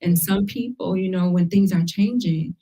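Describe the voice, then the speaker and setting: A woman's voice: lowish voice, moderate pace, far from the mic, poor audio. A woman hosting a talk show, speaking in an encouraging, conversational way. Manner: encouraging, conversational, uses lively quoted asides. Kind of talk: casual talk show chat.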